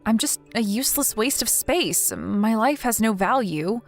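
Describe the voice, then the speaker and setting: A woman's voice: fairly high pitch, expressive, unhurried, faint music behind. A woman voicing a meek, self-loathing young wife in a text-story video, speaking timidly and apologetically.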